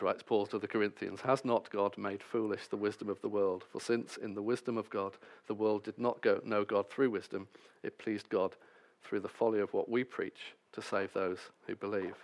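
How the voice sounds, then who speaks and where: A man's voice: fairly low pitch, little pitch movement, normal speed, few pauses. A man preaching a sermon, reading scripture passages and then explaining them with wry, self-deprecating asides.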